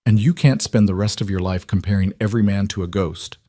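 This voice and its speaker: A man voicing a warm, teasing young woman who gently urges her sister on. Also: on the low side, fairly even intonation, a little fast, dry recording, studio quality, lightly acted. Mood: coaxing. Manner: affectionate and coaxing.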